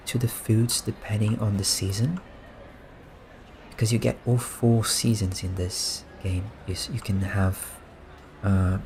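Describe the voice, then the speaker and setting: Slow, soft-spoken man narrating gameplay. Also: fairly low pitch, a little hiss or hum. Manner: relaxed, musing, amused. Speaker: gaming streamer.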